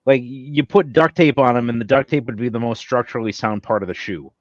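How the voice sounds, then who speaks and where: A man's voice: mid-range voice, fairly quick, no echo. A man who drives a truck, talking in blunt, profane casual chat. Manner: blunt, profane, matter-of-fact. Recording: dry lo-fi sound.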